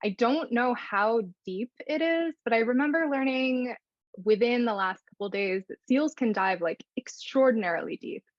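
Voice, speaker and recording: A woman organizer speaking earnestly and thoughtfully on a panel call, often trailing off quietly. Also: a little high, moderate pace, dry recording, muffled recording.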